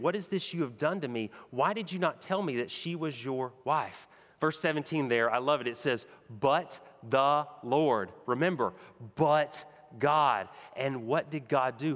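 A man's voice: mid-range voice, fairly bright tone, long reverb tail. A man preaching a sermon with emphatic, rhythmic delivery. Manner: emphatic preaching, builds to repeated punchy phrases. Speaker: pastor.

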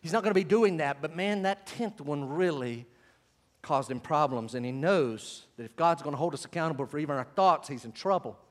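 This is a man delivering a sermon in a notably high voice. He shifts often from soft, low asides to loud, climbing emphasis as he drives his points home. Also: expressive, brisk, big-room sound. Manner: preaching with swings between quiet asides and loud, high emphatic runs. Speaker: pastor.

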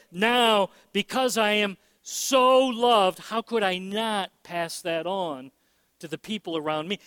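A man's voice: high voice, a bit bright, smooth, no room sound, long reverb tail. A man preaching a sermon as pastor, emphatic, often repeating words and using fillers.

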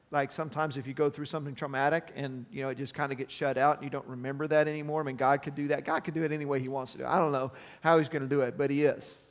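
A middle-aged man preaching a sermon as pastor, earnest and conversational, mixing scripture with personal asides. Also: mid-range voice. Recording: long hall reverb.

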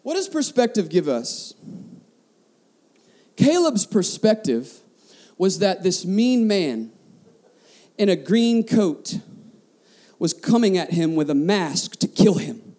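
A man's voice: high voice, sing-song, takes it slowly, pauses often, dark tone. A man preaching a sermon as a pastor, passionate, often repeating words and asking the congregation questions.

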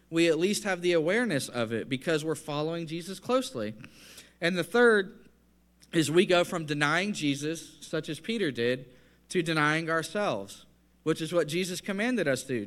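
Earnest, fairly high-voiced male preacher. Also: a bit bright. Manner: conversational, earnest preaching with rising emphasis. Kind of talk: sermon.

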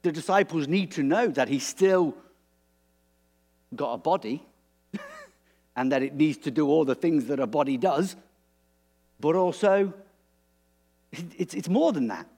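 A man preaching a sermon in a relaxed, conversational way, animated and prone to restarts. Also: a little high, a little slow, long pauses.

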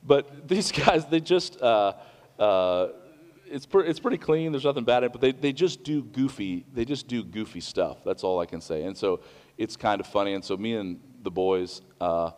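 A middle-aged man giving a sermon in an earnest, conversational way, often pausing to restart a sentence or to add an aside. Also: fairly low pitch, expressive, darkish tone, long reverb tail. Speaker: pastor.

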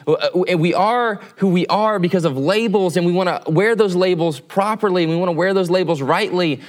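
A man preaching as a campus pastor in a conversational sermon, often checking in with tag questions. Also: high voice.

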